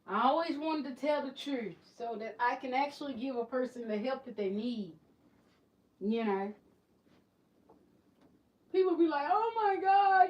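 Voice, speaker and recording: A woman's voice: a little high, lo-fi sound. A woman hosting a livestream for her beauty business, talking candidly in a rambling way with many restarts. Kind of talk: casual livestream chat.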